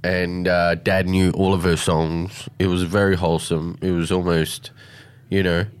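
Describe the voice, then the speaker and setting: A man's voice: deep voice, flat delivery, measured pace, clean tone. A man with an Australian accent, co-hosting a casual chat in a laid-back, joking way. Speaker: co-host.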